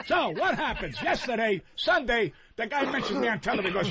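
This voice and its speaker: A man's voice: sits high, lively intonation, fast talker, noisy background. An older man, a guest comedian on a radio talk show, ranting in a hostile, profane, combative way. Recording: muffled radio broadcast.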